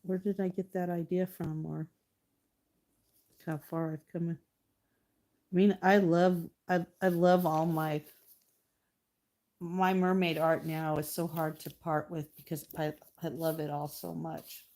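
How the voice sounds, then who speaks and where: A woman's voice: low-pitched, little pitch movement, takes it slowly, long pauses, darkish tone. A middle-aged woman chatting casually while she paints live, talking to her painting and thanking viewers. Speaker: artist livestreaming.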